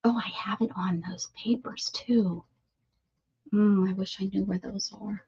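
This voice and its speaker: A woman's voice: medium pitch, steady tone, a little slow, dark tone, breathy edge. A woman hosting an art livestream, chatting casually and muttering to herself while she crafts. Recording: dull lo-fi audio with faint noise.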